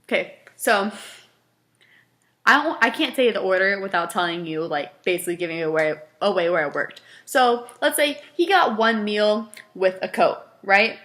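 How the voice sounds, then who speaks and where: A woman vlogger telling stories from her fast food job in a casual, animated way, laughing often and acting out her customers. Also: mid-range voice. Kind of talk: casual storytelling to camera.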